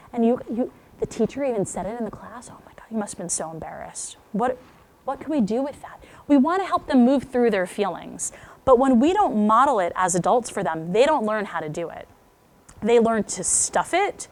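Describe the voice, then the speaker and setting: Addressing parents at a school talk, a woman with a rather high voice tells stories in an animated way, acting out the quotes with lively flair.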